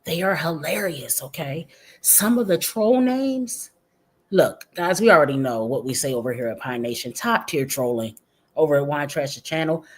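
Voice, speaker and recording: A deep-voiced woman with lively intonation does reaction commentary as a streamer. She's brash, profane, and mocking toward the posts, speaking in a slow, drawn-out way.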